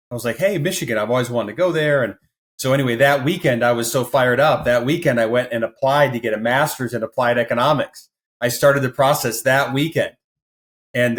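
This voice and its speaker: Male interview guest from the Midwest, lively storyteller who mimics the people he quotes, medium pitch. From American Midwest. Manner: animated storyteller who acts out quoted voices. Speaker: podcast guest.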